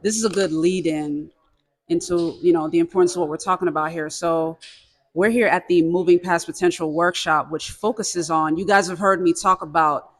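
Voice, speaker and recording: A man hosts an interview in a slightly high voice. He stays calm and explains ideas to the audience in an even way. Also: normal speed. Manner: calm, explains concepts to the audience between brief affirmations. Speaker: podcast host. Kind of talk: casual interview.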